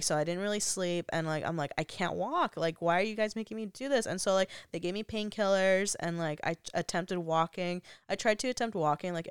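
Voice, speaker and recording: A woman's voice: on the low side, smooth, no room sound, studio quality. A young woman vlogger telling a personal story in a casual, chatty way, full of "like" fillers and frequent laughs. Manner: laughs often while talking.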